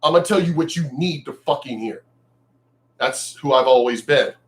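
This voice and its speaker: A man ranting bluntly on his vlog, cursing freely and swinging between loud outbursts and quieter asides. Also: mid-range voice, moderate pace. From United States. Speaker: vlogger.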